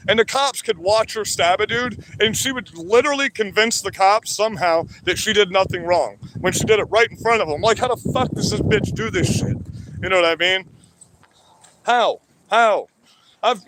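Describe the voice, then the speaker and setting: Profane livestream ranter, high-pitched man, angry and repetitive. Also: fairly bright tone, slight background noise. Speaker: livestream host. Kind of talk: profane ranting commentary.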